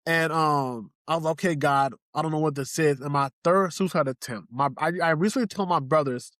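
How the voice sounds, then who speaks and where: A man's voice: a little high, fairly quick, a bit bright, no room sound, clean studio sound. A young man from Haiti, a podcast guest, giving an earnest, emotional personal testimony and repeating phrases for emphasis. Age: young adult.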